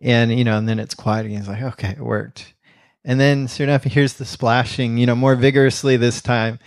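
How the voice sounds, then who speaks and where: Male pastor, mid-pitched, easygoing storyteller, dry close sound. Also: brisk, dry recording. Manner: relaxed storytelling with many "you know" fillers. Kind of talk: conversational sermon with closing prayer.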